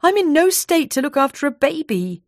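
An anxious, tearful young woman talks fast and strained, her voice lifting well above its usual place, voiced by a woman reading an audiobook. The sound is dry and close to the mic. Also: high voice, big pitch swings, no echo, voice pushed up. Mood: insistent. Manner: raised, insistent, emotional.

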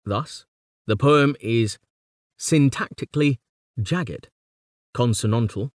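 A man reading a nonfiction book aloud, a measured narration that recites verse quotations with feeling. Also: medium pitch, no echo, studio quality. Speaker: audiobook narrator. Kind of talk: scripted narration of a book on poetry.

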